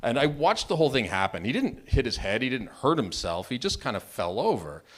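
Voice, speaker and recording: At a live open mic in a storytelling venue, a married adult man tells a true story from his own life. His mid-range voice moves a little fast, and he's animated and self-mocking, often starting his sentences over.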